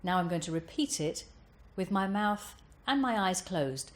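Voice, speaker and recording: A woman coaching voice exercises, giving measured, clear step-by-step instructions. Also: fairly low pitch, expressive.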